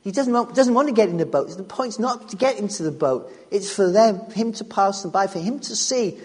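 A man's voice: high voice, lively intonation, a little fast, darkish tone, slightly rough. A man preaching a sermon on scripture, emphatic and repeating key phrases as he restarts his sentences. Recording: long reverb of a large hall.

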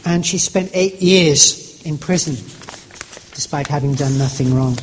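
A man's voice: on the high side, slow, pauses often. A man preaching a sermon, telling stories in a conversational way with stumbles and asides to the congregation. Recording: long reverb of a large hall.

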